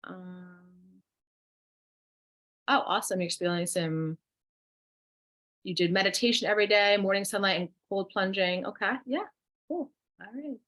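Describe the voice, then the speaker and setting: A woman's voice: medium pitch, moderate pace, pauses often, fairly bright tone. Woman coach, New Jersey accent, encouraging webinar host, mid-range voice, live chat read-outs. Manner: chatty, encouraging, guides breathing exercises. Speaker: wellness coach co-hosting a workshop.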